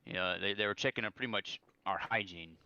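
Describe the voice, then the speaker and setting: A man's voice: fairly low pitch, quick pace, bright, forceful tone, clean tone, dry recording, dull audio. A young man, a serving soldier, rambling through a story as a podcast guest, full of restarts and acted-out quotes. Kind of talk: casual storytelling over beers.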